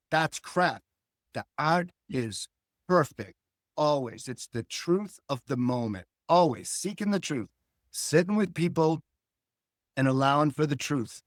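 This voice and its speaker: An older man and guest cartoonist, talking in a reflective, philosophical way and telling animated stories in a relaxed interview. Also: on the high side, dry recording, clean studio sound. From Hull, Massachusetts.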